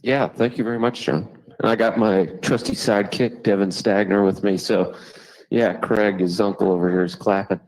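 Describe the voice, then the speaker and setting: A man presenting a fuel update at a company meeting in a relaxed, jokey way. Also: fairly low pitch, moderate pace, low-quality recording. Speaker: fuel manager. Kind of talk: casual presenting.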